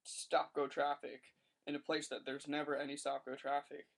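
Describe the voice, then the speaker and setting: A man's voice: on the high side, moderate pace, vocal fry. Young man rambling to a webcam. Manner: rambling, animated rants with lots of "like". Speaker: vlogger. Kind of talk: casual storytelling vlog.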